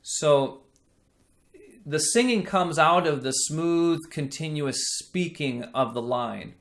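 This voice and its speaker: A man teaching a singing lesson, explaining slowly and checking in with the listener as he goes. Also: fairly high pitch, lively intonation. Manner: slow, explanatory teaching with frequent "right?" checks. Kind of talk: singing lesson with sung demonstrations.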